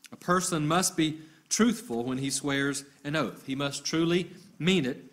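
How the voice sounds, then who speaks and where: A male preacher giving a sermon, teaching in a measured way, reading scripture passages aloud and sometimes pausing to restart a phrase. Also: a little high, fairly bright tone. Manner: occasional hesitant restarts.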